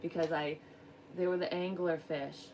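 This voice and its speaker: A woman's voice: fairly low pitch, fairly even intonation, moderate pace, recorded from a distance, background noise. A woman working as a psychic medium gives a casual card reading, rambling, frank and swearing freely.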